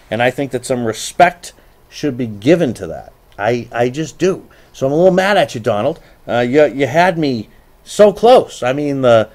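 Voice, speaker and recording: A middle-aged man hosts a live political show and speaks his mind bluntly. He gets animated, stumbles into restarts and repeats himself for emphasis. His voice sits at an ordinary male pitch. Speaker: show host. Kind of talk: live political call-in talk.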